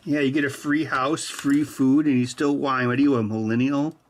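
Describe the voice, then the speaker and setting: A man's voice: mid-range voice, steady tone, moderate pace. A man hosting a casual livestream while he works, rambling along with dry, teasing humor. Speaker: host of a hardware hacking stream.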